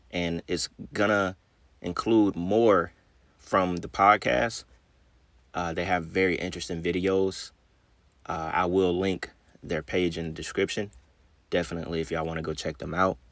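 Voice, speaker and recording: A man's voice: deep voice, measured pace, no room sound. A man hosting his channel, reading an article aloud and then commenting, his speech a little slurred after a dentist visit. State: just back from the dentist. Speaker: channel host.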